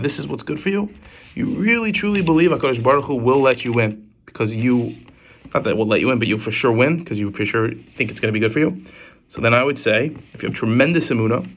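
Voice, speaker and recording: A man who is a rabbi, telling Torah stories to a class in a quick, animated way with frequent restarts. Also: mid-range voice, vocal fry. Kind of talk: storytelling Torah talk.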